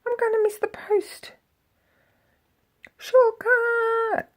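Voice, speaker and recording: A woman voicing an excited little girl sledding downhill, with high squealing cries. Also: normal speed, creaky, slightly rough, full character voice. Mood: alarmed.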